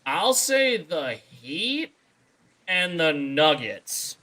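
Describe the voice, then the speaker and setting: High, bright-voiced teasing man. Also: big pitch swings, very slow. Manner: teasing, sarcastic. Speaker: panelist. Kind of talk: casual sports chat.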